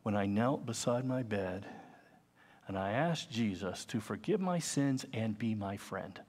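Slow-speaking preacher man in his fifties. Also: on the low side, animated, a little mellow, slightly rough. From United States. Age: 50s. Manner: earnest, conversational preaching with asides. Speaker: pastor. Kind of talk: sermon.

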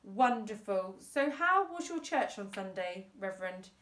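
A woman voicing a fussy, eccentric spinster aunt who talks in a high, gushing, theatrical way in a storybook reading, recorded in an echoey room on a distant mic. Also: big pitch swings, measured pace, fairly bright tone.

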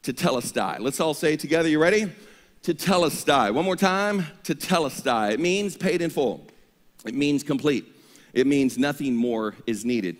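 A male pastor preaching an energetic sermon, leading the congregation in call-and-response. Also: a little high, moderate pace. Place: church sanctuary. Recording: long reverb of a church hall.

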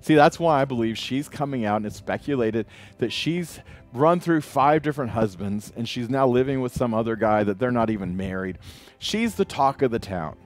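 A man's voice: mid-range voice, lively intonation, moderate pace, faint music behind. A man, a pastor, preaching a casual sermon, retelling scripture in everyday words with voiced asides.

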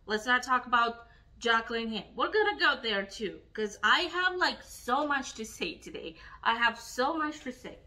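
Bright-voiced woman ranting, swearing. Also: fairly high pitch, expressive, unhurried, poor audio. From Romania. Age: young adult. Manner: angry, swearing rant. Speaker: beauty vlogger. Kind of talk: ranting while doing makeup.

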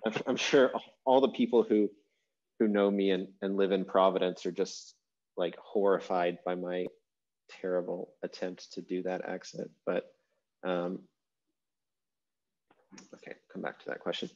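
A low-pitched man leads an online class in a loose, rambling way, full of fillers and restarts. His voice sits low and easy. The call audio is dull and lo-fi. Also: flat delivery, a little slow, long pauses, darkish tone. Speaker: online course teacher. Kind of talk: casual lecture over video call. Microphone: video call.

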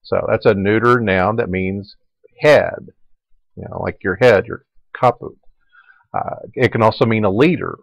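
A man with a lowish voice gives a Latin lecture, talking through the grammar at an easy pace and repeating the forms aloud. The sound is dry and close, with little room around it. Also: unhurried, creaky, long pauses, no echo, rough recording. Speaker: Latin teacher. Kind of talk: recorded lecture.

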